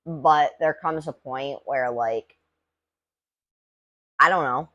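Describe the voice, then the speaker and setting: A woman's voice: a bass voice, slow, sharp tone, dull audio. A woman hosting a casual solo podcast, rambling and chatty with lots of filler words and casual swearing. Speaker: podcast host reviewing cannabis.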